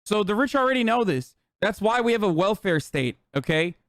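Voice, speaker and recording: A man's voice: sits high, animated, a little fast, fairly bright tone, no echo, clean studio sound. A male streamer ranting heatedly and sarcastically about politics to his chat, swearing often.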